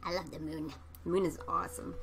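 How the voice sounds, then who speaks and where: A woman commenting on a horror game as she plays, excitable and jumpy, swearing and shrieking at scares and reading the game's text aloud. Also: fairly low pitch, brisk, vocal fry. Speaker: let's play gamer. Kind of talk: let's play commentary.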